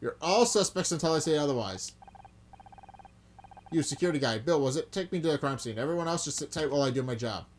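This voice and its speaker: A man doing a gruff bossy detective. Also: on the high side, animated, quick pace, slight background noise, close to an everyday voice. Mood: brusque. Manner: curt and commanding. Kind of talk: voicing a game character.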